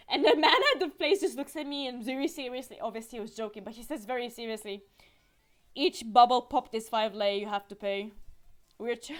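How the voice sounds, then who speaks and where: Woman, casual live-stream chat, animated, giggly, fairly high voice, lots of fillers.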